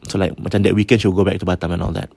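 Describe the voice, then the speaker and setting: A man with a Singaporean English accent casually retelling a ghost story, mixing in Malay and often restarting his sentences, going quiet at the eerie parts. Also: low-pitched, flat delivery, rapid-fire, creaky, slightly rough, no room sound. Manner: drops to a hush for eerie parts.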